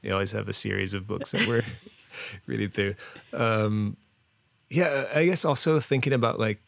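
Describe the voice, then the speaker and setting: Low gravelly guy rambling on a podcast, lots of um and like, laughs a lot. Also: normal speed, fairly bright tone, no echo. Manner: rambling, hesitant, many fillers and restarts, laughs often. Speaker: podcast guest. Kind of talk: casual interview chat.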